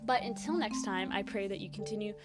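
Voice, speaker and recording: A woman's voice: medium pitch, a little fast, loud music behind the voice. A young woman hosting a casual faith podcast, talking in a bubbly, effusive way with plenty of "like"s and gushing praise. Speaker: podcast host.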